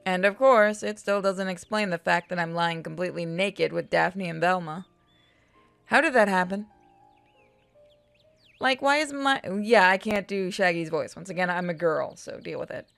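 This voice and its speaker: A woman's voice: fairly low pitch, moderate pace, vocal fry, a bit bright, no room sound, faint music behind. A woman reading and narrating a game aloud, with joking, swearing, self-mocking asides.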